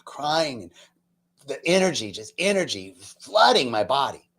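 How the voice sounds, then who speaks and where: A man telling a personal spiritual story to a group, emotional, slowing down for emphasis and sometimes dropping almost to a whisper. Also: mid-range voice, big pitch swings, fairly bright tone. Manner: emotional, slows down for emphasis, drops to a near whisper. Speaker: speaker at a retreat center.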